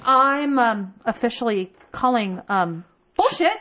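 A woman co-hosting a podcast, her voice somewhat high. She talks in a casual chat, cutting in with blunt, dry retorts. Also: animated, slow pace, a bit bright, slight background noise. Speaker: podcast co-host.

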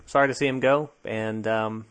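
A man's voice: on the low side, fairly even intonation, normal speed, a bit bright. A man hosting a podcast, talking casually and conversationally, easily amused. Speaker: podcast host.

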